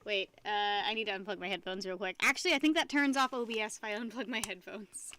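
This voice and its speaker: A woman's voice: medium pitch, quick pace, pushed and bright. A young woman streaming from home, chatting casually with viewers in a rambling, giggly way and greeting chat often. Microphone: desk microphone.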